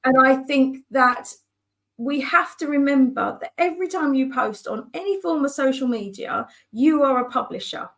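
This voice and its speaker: A woman business coach telling stories in a conversational way, animated and acting out the voices of people she quotes. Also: high voice, moderate pace. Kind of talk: conversational storytelling.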